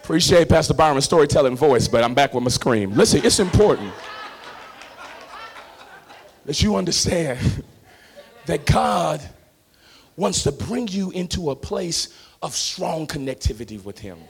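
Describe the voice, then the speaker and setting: A man preaching a sermon as pastor, swinging between shouted, sung-out lines and quiet, close talk, with a Black lilt. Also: on the high side, animated, normal speed, gravelly.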